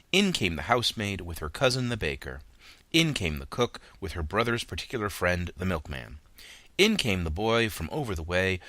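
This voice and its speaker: A man narrating a classic novel as an audiobook, with an expressive, dramatic reading. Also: deep voice, no echo.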